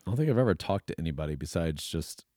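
A man co-hosting a casual chat who tells stories haltingly, trailing off mid-sentence. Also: low voice, lively intonation, dark tone, no room sound, clean studio sound. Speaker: podcast co-host.

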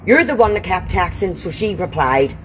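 A woman's voice: fairly low pitch, lively intonation, moderate pace. Woman, confronting and accusing, recorded on a noisy street. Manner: accusing, interrogating. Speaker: confronting vigilante. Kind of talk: heated confrontation.

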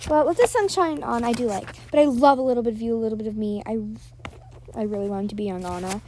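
Speaking quickly with a fairly high pitch and a dark tone, this teen podcast host rambles in a chatty way, packing in fillers like "like" and putting herself down. She uses a built-in device mic, and there's slight background noise.

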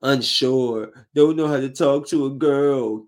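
A man in his thirties hosts a casual solo podcast, speaking at a medium pitch and a slow pace. He talks loosely, and when something annoys him he launches into rants that grow steadily more animated.

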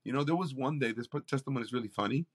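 A man's voice: medium pitch, very fast, slightly rough. A man, a campus pastor, sharing a personal testimony in conversation and acting out the people in his story. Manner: animated storyteller, acts out quoted voices.

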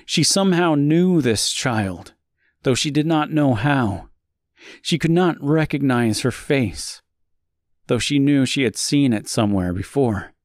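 Man, story narrator, slow measured reading, dramatic pauses, dry close sound. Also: medium pitch, no room sound. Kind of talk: scripted horror story narration.

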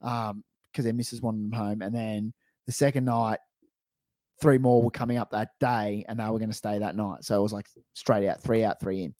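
A man's voice: on the low side, normal speed, no room sound, studio quality. A young Australian man telling a story in casual podcast chat, laughing and acting out quotes. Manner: animated, laughing storyteller who acts out quotes. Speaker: podcast co-host.

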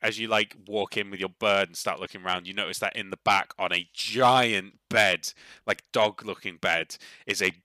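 A man narrating a tabletop role-playing game as its game master, rambling and full of fillers. His voice sits a bit low but has a sharp, very bright tone. The sound is dry and close. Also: fairly even intonation, normal speed, few pauses, no echo.

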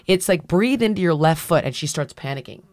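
A woman's voice: lowish voice, brisk, no room sound, studio quality. A middle-aged woman hosting a podcast, telling a story in casual chat and acting out what people said. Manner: animated storyteller, acts out quotes. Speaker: podcast host.

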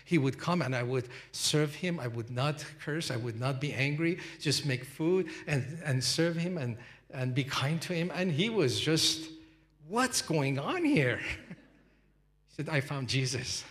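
Male preacher, fervent and repetitive, slightly high voice, leads prayer and retells testimonies. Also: measured pace, a bit bright. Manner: fervent, repetitive, retells callers' stories in their voice. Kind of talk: sermon with prayer and retold testimony.

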